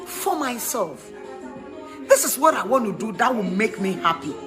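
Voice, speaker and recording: Lively Ghanaian woman giving emphatic advice. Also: on the high side, moderate pace, music in the background. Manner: emphatic, laughing, preachy. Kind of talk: animated advice talk.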